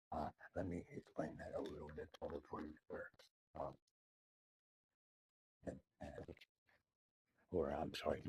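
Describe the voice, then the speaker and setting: A man rambling to camera in a halting, mock-earnest monologue full of hesitations, addressed to the president. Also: rumbling low, breathy edge, no room sound, low-quality recording. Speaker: video maker addressing the president.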